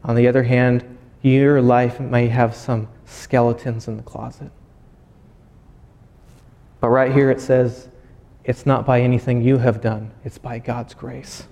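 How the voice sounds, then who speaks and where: A man's voice: mid-range voice, level tone, measured pace, pauses often, dark tone. A man in his thirties giving a sermon, earnest and personal, often restarting his phrases. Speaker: pastor. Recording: hall with long reverb.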